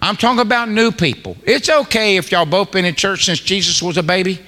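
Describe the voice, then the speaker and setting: A man's voice: high voice, a little fast, bright, forceful tone, big-room sound. A man preaching a humorous sermon as a guest preacher, telling colloquial, joking stories to a congregation.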